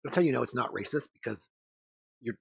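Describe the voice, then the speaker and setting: A man's voice: mid-range voice, animated, brisk, vocal fry, breathy edge, dry recording. A man on a casual podcast, rambling in crude banter with lots of fillers and swearing. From United States. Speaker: podcast co-host. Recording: dull lo-fi dry sound.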